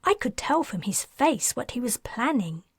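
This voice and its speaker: A woman voicing an eager thirteen-year-old girl in an audiobook, chiming in with bright, insistent lines. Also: a little high, big pitch swings, normal speed, slightly rough, no room sound, clean studio sound, voice pushed up, heavily acted. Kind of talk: audiobook character voice.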